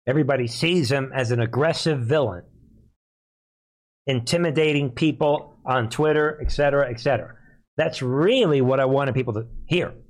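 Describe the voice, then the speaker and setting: A man hosting a political commentary show, talking emphatically with rhetorical asides and sharp rises in pitch. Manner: emphatic, rhetorical questions, animated pitch swings. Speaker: show host.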